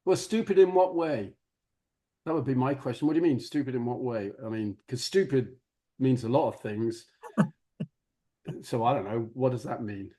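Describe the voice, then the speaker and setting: A man's voice: mid-range voice, normal speed, pauses often, mellow. A man hosting a podcast in casual conversation, jumping in with probing questions. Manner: inquisitive, interjects questions. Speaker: podcast host.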